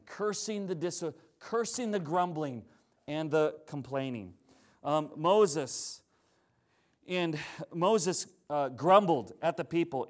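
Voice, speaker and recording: A middle-aged male pastor preaching a sermon in a conversational, joking, animated way. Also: fairly high pitch.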